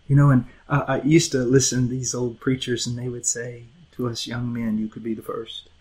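Husky man preaching with passion. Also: medium pitch, steady tone, fairly quick, few pauses, low-quality recording. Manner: impassioned, swinging from loud emphasis to hushed. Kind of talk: sermon.

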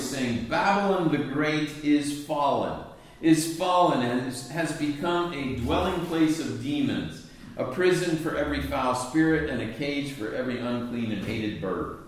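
A male preacher delivering a sermon, reading scripture aloud and then explaining it in plain words. His mid-pitched voice rings out in a very echoey hall. It is picked up from a distance rather than close to the mic.

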